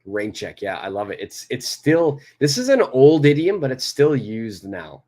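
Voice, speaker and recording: A man's voice: medium pitch, sing-song, measured pace, dark tone. A man teaching an English lesson, patiently explaining phrases and repeating examples aloud. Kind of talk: live online grammar lesson.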